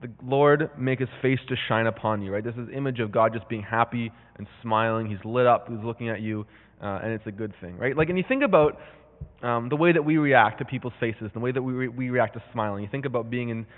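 In a relaxed Bible teaching, a man speaks conversationally with many fillers and restarts, reading scripture aloud with growing intensity. His pitch is ordinary for a man and his pace a little fast. The audio is thin and phone-like, with a long reverb trailing after him.

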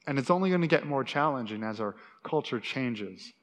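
A man preaching a sermon, animated and acting out quotes, with frequent restarts. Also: mid-range voice, a little fast. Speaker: pastor. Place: church sanctuary. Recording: long reverb in a hall.

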